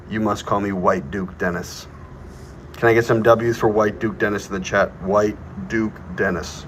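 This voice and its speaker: On a rough recording with slight background noise, a young man with a voice on the low side runs a casual livestream. He names the place he's streaming from, reads the chat out loud, and hypes himself up with playful bits.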